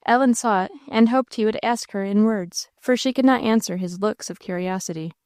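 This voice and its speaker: A woman reading a classic novel aloud in steady storybook narration. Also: mid-range voice, a little fast, smooth, no echo, clean studio sound. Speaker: audiobook narrator. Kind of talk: scripted narration.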